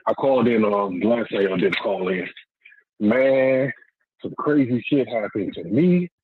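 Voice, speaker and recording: A man calling in to a talk show, telling a long story in a rambling, animated way and swearing freely. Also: fairly low pitch, measured pace, slightly rough. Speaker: caller. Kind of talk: casual storytelling on a call-in show. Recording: muffled phone line.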